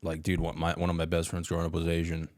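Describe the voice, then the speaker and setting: A man's voice: sits low, monotone, quick pace. A man from Rhode Island, a podcast guest, talking in laid-back, crude banter full of swearing.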